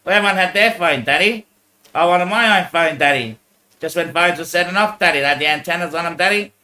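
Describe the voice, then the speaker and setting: A man's voice: a little high, brisk, bright, forceful tone, a little hiss or hum, pitched above the performer's own voice. A man voicing a little girl who says she is his phone, repeating "Daddy" in a sing-song way. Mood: eager. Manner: sing-song, ends every phrase with "Daddy".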